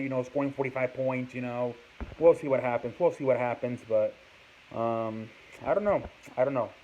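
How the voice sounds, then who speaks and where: A man's voice: medium pitch, a little mellow. A man rambles through his casual sports commentary, cursing and circling back to his points. His voice sits in a middle register. It comes through a dull, lo-fi home recording with faint noise in the background. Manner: rambling, swears, repeats himself. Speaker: sports show host.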